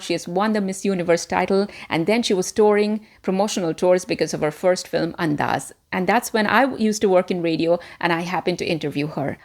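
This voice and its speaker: Chatty woman vlogger recommending shows. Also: mid-range voice. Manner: chatty, enthusiastic, conversational. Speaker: channel host, former media presenter. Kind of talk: casual talking-to-camera recommendations.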